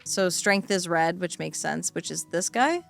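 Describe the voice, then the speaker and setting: A young woman streaming a game, reacting with excitable, giggly commentary. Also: on the low side, a little slow, creaky, soft background music.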